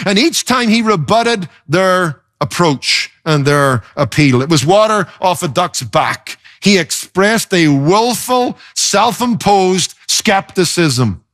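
Expressive male pastor preaching. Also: takes it slowly, hardly any pauses. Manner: expressive, emphatic, swings pitch for effect. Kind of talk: sermon.

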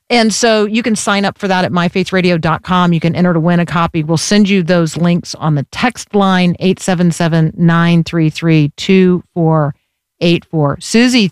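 A woman hosting a faith radio show, speaking in a reflective, unhurried way and closing with an encouraging exhortation. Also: lowish voice, no room sound, studio quality. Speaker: radio host. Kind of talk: faith radio interview and sign-off.

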